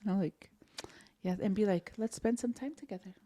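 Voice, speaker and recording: A young woman talking candidly on a podcast, her voice sitting in a middle pitch. She tells a personal story in an animated way, stumbling over restarts and slipping into Spanish now and then. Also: a little fast. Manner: animated, restarts often, mixes in Spanish words. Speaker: podcast co-host.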